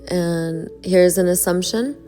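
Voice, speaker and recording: A woman talking to her viewers in a casual vlog, reading an email aloud slowly and then speaking in earnest affirmations. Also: fairly low pitch, mellow, faint music behind. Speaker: online creator reading out an email.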